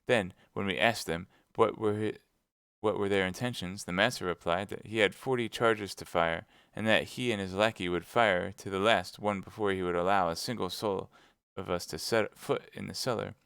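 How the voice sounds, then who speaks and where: Brief: man reading a fretful innkeeper, pleading and aggrieved, clear voice, dry close sound. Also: deep voice, steady tone, moderate pace, a bit bright, no echo. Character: distraught middle-aged male innkeeper, complaining.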